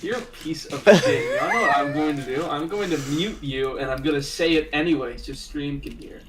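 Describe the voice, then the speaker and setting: A man with a fairly high voice who trades quick, foul-mouthed jabs with his friend during a game stream. He mocks his friend constantly and keeps up a casual banter. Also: wildly swooping pitch, very noisy. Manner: mocking, profane, quick comebacks. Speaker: friend on voice call.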